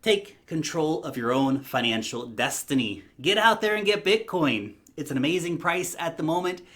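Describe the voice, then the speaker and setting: Guy ranting on his vlog, pushy and rallying, kinda high pitched. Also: expressive, normal speed, a bit bright. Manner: emphatic, rallying, talks straight to viewers as "guys". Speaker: crypto vlogger. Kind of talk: opinionated vlog commentary.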